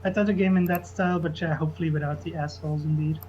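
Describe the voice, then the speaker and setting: A woman's voice: low-pitched, fairly even intonation, racing, a little mellow, a little hiss or hum. A woman on a casual panel chat, hesitant and giggly. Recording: dull lo-fi call audio.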